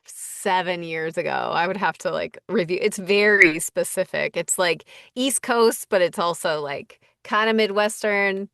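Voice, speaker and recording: A woman's voice: on the low side, measured pace, creaky, few pauses, a bit bright, no echo, clean studio sound. A woman who works as a voice director and casting associate, talking casually in an interview and thinking aloud with lots of fillers. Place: Los Angeles.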